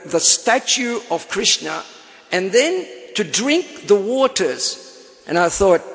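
An older man shares his personal testimony in an animated, storytelling way, dropping in humorous asides. His voice sits fairly high, and a long hall reverb trails behind each phrase. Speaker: speaker giving testimony. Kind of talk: personal testimony talk to an audience.

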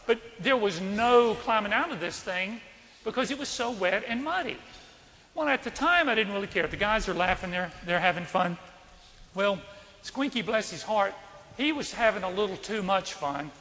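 A man's voice: high voice, expressive, moderate pace, bright, forceful tone. A man from North Carolina, a priest, preaching a sermon in a church and telling a personal story in a conversational way, asking the congregation questions. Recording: reverberant church hall.

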